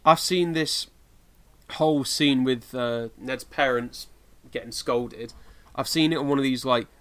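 A man's voice: medium pitch, unhurried, fairly bright tone. A man from the United Kingdom co-hosting a podcast in casual chat, rambling with lots of fillers and laughing often. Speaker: podcast co-host.

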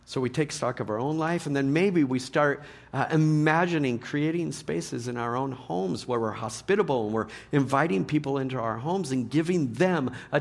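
A middle-aged pastor delivers a sermon to a live church audience, joking and animated as he swings between loud punchlines and hushed, earnest points. His voice is mid-range and creaky.

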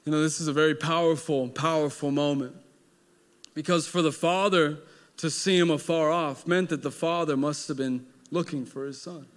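A male pastor preaching a sermon with dramatic storytelling, swinging between loud emphasis and hushed moments. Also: a little high, fairly even intonation, moderate pace.

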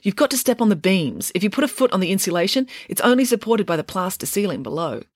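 A woman's voice: mid-range voice, big pitch swings, quick pace, dry recording, studio quality. A woman doing a cheeky teenage schoolgirl. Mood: warning. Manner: cheeky and offhand.

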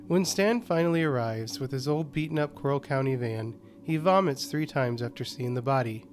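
A man tells a scripted horror story at a medium pitch, calm and even in his delivery. Soft music hums faintly underneath his voice. He sounds like the regular host of the show. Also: normal speed. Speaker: podcast host and narrator.

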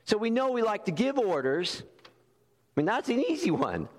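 A man's voice: sits high, very animated, moderate pace. A man preaching a sermon, telling stories animatedly and acting out quoted voices. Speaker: pastor. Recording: long hall reverb.

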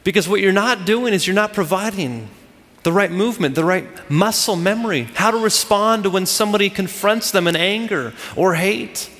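A man's voice: high voice, moderate pace, a bit bright, long reverb tail. A man preaching a sermon to a congregation, driving his points home with emphatic repeated phrases. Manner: emphatic, repetitive preaching cadence. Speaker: pastor.

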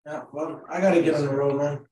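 A young man with a hoarse voice in casual chat, blunt and swearing. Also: a little high, steady tone, fairly quick, dark tone, roomy sound, poor audio. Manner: blunt, swears, rough-edged.

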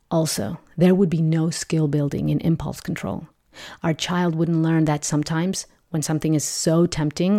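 A woman with a low, mellow voice talks through parenting advice. She speaks calmly and patiently, in a soft, steady tone. Her manner is that of a teacher guiding listeners step by step. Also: creaky. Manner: gentle, patient and instructive, with shouted example quotes. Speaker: parenting podcast host. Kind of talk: calm explanatory podcast talk.

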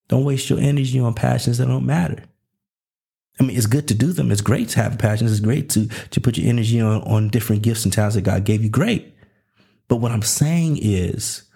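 A young man hosts a faith-based motivational talk in a dark, gravelly voice with a husky edge. He talks in casual slang, keeps asking rhetorical questions and acts out both sides of everyday conversations. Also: on the low side. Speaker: podcast host.

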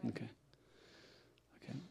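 A man preaching to a congregation, telling stories with acted-out quotes and frequent laughter. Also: a little slow. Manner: animated storyteller, acts out quotes, laughs often. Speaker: itinerant preacher. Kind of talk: storytelling sermon.

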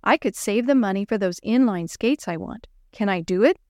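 A woman voicing an eager young schoolgirl in a children's story, a little higher and bright. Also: moderate pace, no echo, clean studio sound, lightly acted.

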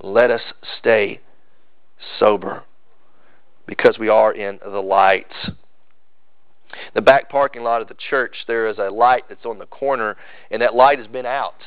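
A man's voice: on the low side, steady tone, a little slow, long pauses, no room sound, phone-quality sound. A man preaching a sermon as pastor, emphatic and repeating phrases for stress.

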